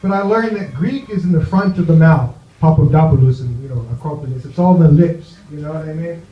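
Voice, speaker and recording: A man from New Jersey doing a stand-up set in a comedy club, rambling and halting with lots of "you know". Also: a little high, steady tone. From New Jersey, USA. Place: comedy club with live audience. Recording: echoey, muffled live club recording.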